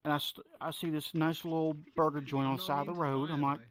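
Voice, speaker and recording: A man from North Georgia, telling biker stories in a casual, profane, animated way. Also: a little high, fast. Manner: profane, drawling, animated retelling. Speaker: storyteller. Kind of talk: casual storytelling.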